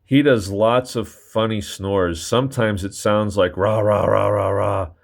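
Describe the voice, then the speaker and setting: A man's voice: lowish voice, a little slow. A man doing a grumpy young ape. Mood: playful.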